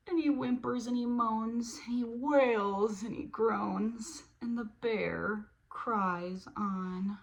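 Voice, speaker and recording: A woman reading a children's picture book aloud as host, animated, with playful sound effects and asides to her listeners. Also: a little high, slow, vocal fry, few pauses, muffled recording. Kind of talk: storybook read-aloud for children.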